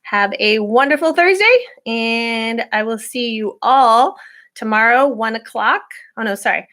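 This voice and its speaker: A woman teacher with a bright, clear-edged voice reads a chapter book aloud to her class, dipping into hushed and lively story moments. Afterwards she slips into a relaxed, chatty tone full of little fillers as she goes over reminders from home. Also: fairly high pitch, a little slow. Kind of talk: reading a novel aloud to students, then class announcements.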